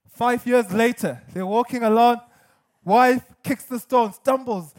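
High-pitched male pastor, earnest and emphatic preacher, sermon delivery with touches of humor. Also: measured pace.

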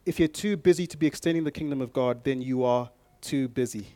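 A man preaching a sermon to his congregation, moving from calm scripture reading to loud, emphatic exhortation and speaking directly to the people in front of him. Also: mid-range voice, fairly quick, no room sound. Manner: addresses the congregation directly with audience prompts. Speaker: pastor.

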